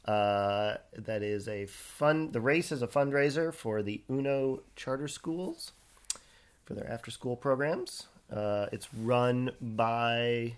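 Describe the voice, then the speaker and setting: A man co-hosting a casual podcast, talking hesitantly with many filler pauses. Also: mid-range voice, clear, resonant tone. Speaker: podcast co-host.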